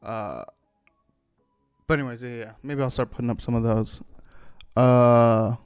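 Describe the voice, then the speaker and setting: A man's voice: mid-range voice, steady tone, a little slow, a little mellow, clear, resonant tone, no echo, studio quality, faint music behind. A man hosting his own podcast in a loose, rambling chat, full of fillers and casual swearing. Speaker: solo podcast host.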